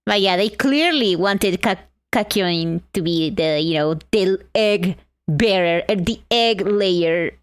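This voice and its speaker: A woman's voice: medium pitch, animated, slow pace, smooth, no room sound. A woman from Argentina streaming live while drawing, chatting in a bubbly way and greeting her chat.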